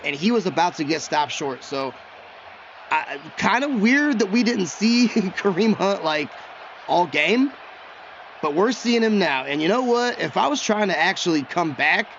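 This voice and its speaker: A man with a fairly high voice chats his way through a football video game, talking to himself and reacting to each play with quick bursts of excitement. The audio is a little dull, with a faint hum behind him. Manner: chatty, excitable, talks to himself while he plays. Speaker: gaming YouTuber. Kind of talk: live gameplay commentary.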